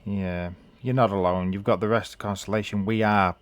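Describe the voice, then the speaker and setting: A man playing through a video game, talking back to its characters in a gentle, reassuring, rambling way. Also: lowish voice, steady tone, normal speed, clean tone, dry recording. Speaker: let's play gamer.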